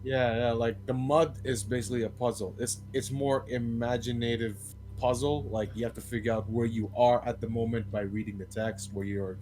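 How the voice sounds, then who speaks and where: A man's voice: mid-range voice, little pitch movement, normal speed, a little mellow, slight background noise, low-quality recording. A man who is sick, chatting casually as co-commentator, often stammering and repeating words. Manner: stammering, repeats words while searching for them. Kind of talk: casual gaming chat.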